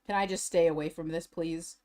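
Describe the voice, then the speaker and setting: A tired, drained woman talks casually on a livestream, rambling and repeating herself. Her voice swings between heavy flatness and bursts of high, laughing emotion. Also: a little fast. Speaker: streamer.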